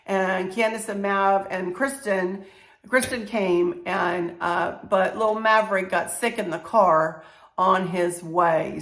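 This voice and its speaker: A woman with a Southern American accent and a hoarse, strained voice, chatting casually to camera as a home decor vlogger, rambling with many fillers. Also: medium pitch, a bit bright, echoey room.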